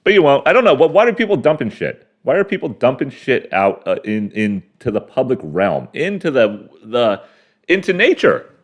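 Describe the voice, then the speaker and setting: A man's voice: medium pitch, big pitch swings, moderate pace. A man in his forties from the United States, hosting a rambling, crude solo monologue full of fillers and restarts. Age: 40s. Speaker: podcast host. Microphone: camera mic.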